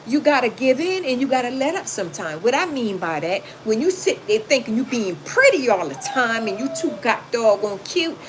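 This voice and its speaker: A woman's voice: on the high side, a bit bright. A woman, hosting a casual livestream, reading chat comments aloud and giving blunt, sassy advice. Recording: noisy home recording.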